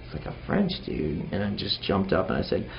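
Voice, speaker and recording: A man's voice: deep voice, fairly quick, gravelly, lo-fi sound, slight background noise. A man from Texas, a touring band member, telling a road story animatedly with lots of fillers. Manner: animated, full of fillers, acts out the scene.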